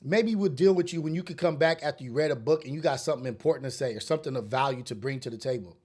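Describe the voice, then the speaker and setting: Raised in a rough urban neighborhood, a man hosts a solo podcast, talking rapid-fire in a medium-pitched, darkish voice. His casual monologue is a blunt, preachy rant full of street slang and cursing.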